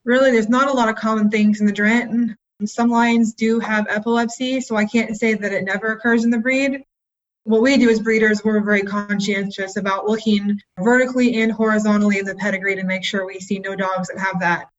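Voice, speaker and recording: A woman, a dog breeder on a podcast, giving measured, matter-of-fact explanations. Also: medium pitch, steady tone. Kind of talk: informative interview answers. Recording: dull lo-fi sound.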